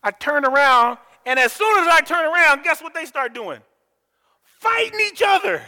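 A man's voice: very high-pitched, moderate pace, bright, forceful tone, in a large hall. A man preaching a sermon as pastor, emphatic and repeating his words, calling on the congregation to answer back.

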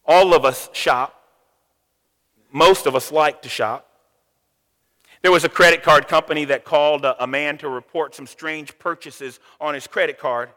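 High, bright-voiced man preaching a sermon. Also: a little slow, pauses often, big-room sound. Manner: emphatic, asks the congregation rhetorical questions; stumbles and repeats words. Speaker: pastor.

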